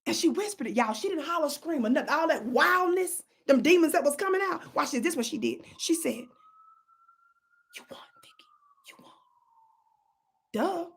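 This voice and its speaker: A woman, hosting her own channel and telling a story in an animated way, often breaking off to say "watch this" and dropping into whispers. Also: high voice, a little fast, hardly any pauses. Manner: animated, repeats "watch this", drops to whispers for quotes. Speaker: channel host. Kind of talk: storytelling vlog.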